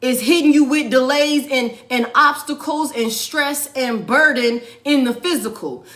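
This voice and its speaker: A woman's voice: high voice, a little slow, few pauses, fairly bright tone. A woman giving a casual tarot reading, blunt and profane, repeating lines for emphasis. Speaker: tarot reader.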